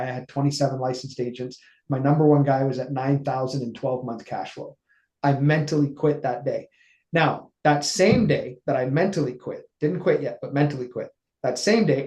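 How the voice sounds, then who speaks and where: A man, telling a long personal story in a casual interview and acting out the dialogue. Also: a little high. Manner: animated, acts out quoted dialogue. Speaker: interview guest, financial services executive. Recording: echoey room.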